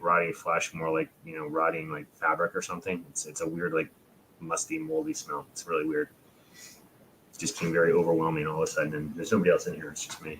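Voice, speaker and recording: A man's voice: deep voice, gravelly, a bit bright, a little hiss or hum. A man co-hosting a casual astrology chat, rambling and restarting his sentences often. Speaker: co-host. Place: alone in his own room.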